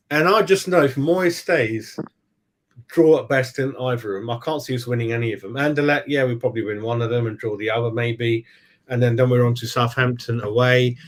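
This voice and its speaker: A man giving a post-match fan reaction, thinking aloud and hedging his views with I don't know. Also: medium pitch. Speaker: football fan pundit.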